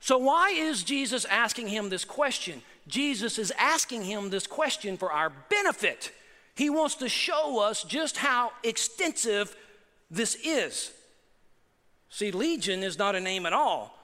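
A man's voice: high voice, big pitch swings, unhurried, pushed and bright. A man preaching a sermon as pastor, emphatic, with rhetorical questions and asides to the congregation. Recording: long hall reverb.

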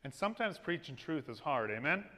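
A man preaching a sermon, telling stories with lively energy and asking his congregation "amen?". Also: a little high, fairly quick. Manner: lively storytelling with call-and-response "amen?". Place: church. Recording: long reverb of a church hall.

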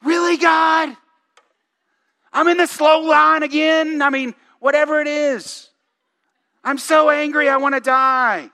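A man's voice: extremely high pitch, fairly even intonation, slow, pauses often, pushed and bright, in a large hall, pitched above the performer's own voice, heavily acted. A man voicing an overdramatic everyday man who grumbles about being stuck in line. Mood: exasperated. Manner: exasperated, overdramatic complaining.

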